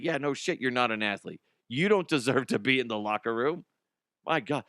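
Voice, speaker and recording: A man's voice: mid-range voice, animated, moderate pace, a bit bright, no room sound, clean studio sound. A man hosting a casual sports talk show, ranting with profanity and sarcasm and laughing at his own jokes. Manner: mocking impressions of fans and players.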